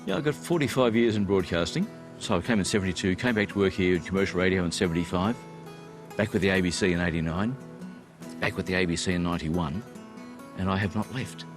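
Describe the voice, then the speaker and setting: A man in his seventies with an Australian accent, a former radio broadcaster giving measured, heartfelt interview answers that turn emotional. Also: sits low. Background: music.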